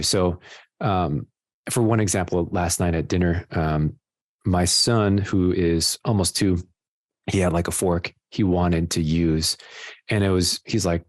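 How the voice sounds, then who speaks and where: A man with a very deep voice talks in a rambling, self-deprecating way, often pausing and restarting his sentences. The sound is dry and close, with no room echo. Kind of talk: casual radio talk.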